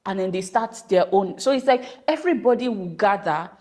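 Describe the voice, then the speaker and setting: A young woman from Nigeria hosting a podcast, chatting casually with rambling, animated asides. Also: medium pitch, brisk. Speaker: podcast host. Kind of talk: casual monologue.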